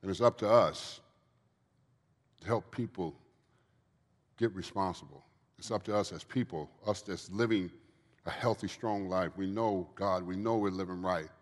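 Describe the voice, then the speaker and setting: Low-pitched and at a moderate pace, a man in recovery speaks with long pauses as he gives earnest, preachy testimony at a church Q&A, often repeating phrases. He's the guest speaker in a church event hall, and a large hall's long reverb fills the recording.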